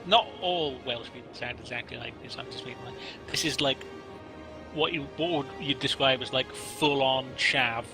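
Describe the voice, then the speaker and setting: A man's voice: medium pitch, moderate pace, over music. A man co-hosting a casual podcast chat, rambling and playful with lots of fillers. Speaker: co-host.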